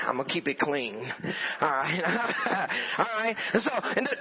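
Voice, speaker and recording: Pastor guy w a husky high voice telling a story from the pulpit, muffled lo-fi audio, big hall echo. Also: moderate pace. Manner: animated, repeats phrases for emphasis. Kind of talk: storytelling sermon. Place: church in front of a congregation. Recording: dull lo-fi audio with long hall reverb.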